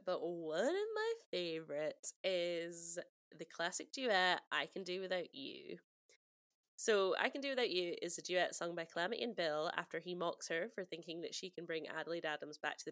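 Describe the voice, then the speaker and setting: A woman's voice: on the low side, normal speed, no room sound, clean studio sound. Chatty woman laughing through a recap. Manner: animated, laughs often, quotes film lines in put-on voices. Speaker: podcast co-host. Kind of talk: casual chat.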